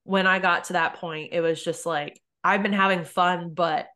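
A woman hosting a podcast, telling stories in a casual, animated way with lots of "like". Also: on the low side, moderate pace. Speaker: podcast host. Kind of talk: casual interview chat.

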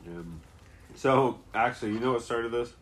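A man's voice: medium pitch, normal speed, a little hiss or hum. A young man telling a story in casual chat, swearing often and laughing between lines.

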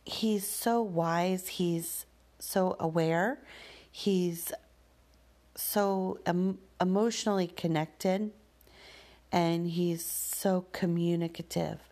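A woman speaking as a parent, sharing a personal story in a candid, thoughtful monologue with soft fillers and sighs. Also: fairly low pitch, steady tone, drawn-out words.

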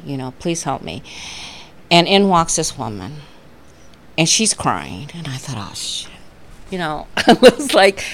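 Middle-aged woman, lowish voice, heartfelt storyteller at a recovery meeting, quick to laugh. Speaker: AA speaker.

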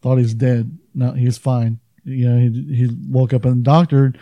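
A man's voice: medium pitch, flat delivery, normal speed, warm tone, no room sound, lo-fi sound. A man co-hosting a podcast, telling a joke in a rambling way with "he's like" asides. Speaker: podcast co-host.

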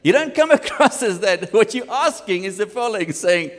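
A man with a South African accent preaching a sermon, animated and switching between English and Afrikaans. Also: sits high, moderate pace, hardly any pauses, long reverb tail. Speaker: pastor.

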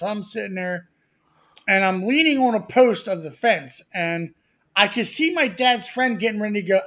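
A man's voice: high voice, moderate pace. A man from Florida co-hosting a podcast, telling rambling, profane stories in a loose banter style. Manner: profane, rambling, animated storyteller. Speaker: podcast co-host. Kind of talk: crude storytelling banter.

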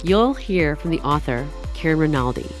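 A woman's voice: deep voice, lively intonation, moderate pace, soft background music. A woman hosting a podcast, talking in an upbeat, enthusiastic way as she introduces the show and interviews a guest. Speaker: podcast host.

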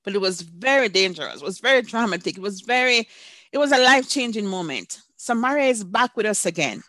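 A woman hosts a faith podcast in a bright, forward voice. The sound is dry and close. She speaks in an affirming way as she introduces her guest. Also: medium pitch, animated, a little fast, no room sound. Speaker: podcast host.

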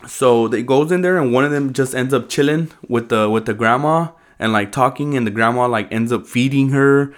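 A man's voice: mid-range voice, moderate pace, hardly any pauses. Rambling, slangy male podcaster. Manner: rambling storyteller, slangy, loose with fillers. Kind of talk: casual chat.

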